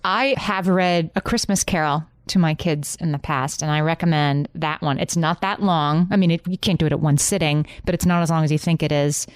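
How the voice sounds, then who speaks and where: A woman's voice: low-pitched, brisk, hardly any pauses, clean tone, no echo, clean studio sound. A woman co-hosting a podcast, chatting playfully and laughing often. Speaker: podcast co-host. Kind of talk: casual chat.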